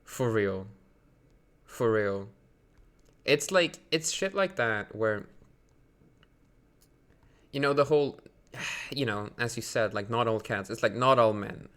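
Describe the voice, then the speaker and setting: A man's voice: medium pitch, expressive, slow pace, long pauses. A man from Sweden, ranting on a live stream in a rambling, indignant way full of fillers. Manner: rambling, indignant, many fillers, bursts louder when outraged.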